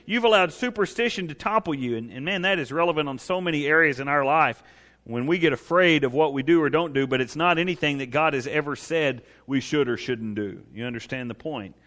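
A pastor preaching with a high, bright, forward voice. He drives his points home with emphatic rhetorical questions and speaks for God in the first person, pleading and reassuring his congregation. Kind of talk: sermon.

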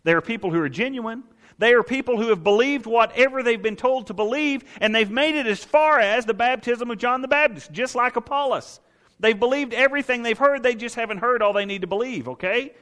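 A man preaches a sermon as a pastor in an extremely high-pitched, fairly quick, fairly bright voice. He is emphatic and keeps posing questions, then answering them himself, with long hall reverb on the recording.

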